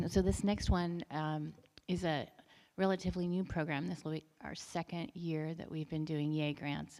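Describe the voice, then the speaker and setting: Enthusiastic woman giving a meeting report; low, mellow, echoey hall. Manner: enthusiastic, chatty, many fillers. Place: school board meeting room.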